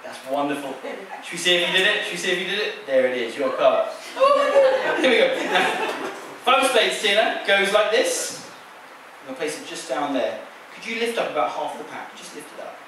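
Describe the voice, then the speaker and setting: Guy doing magic patter on stage, a bit higher voice, big echoey hall, mic far off. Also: animated, normal speed, noisy background. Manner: playful, teasing patter with a volunteer. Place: large theater stage. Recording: echoey theater sound from a distance.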